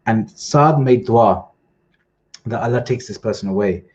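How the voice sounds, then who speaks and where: A man's voice: lowish voice, unhurried, a little mellow, dull audio. A man in a livestream, casually retelling historical stories and quoting people with "he goes", often restarting his phrases. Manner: informal retelling, voices quotes with "he goes", frequent restarts. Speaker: student storyteller at a livestream. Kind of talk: casual storytelling. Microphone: home computer mic on a livestream.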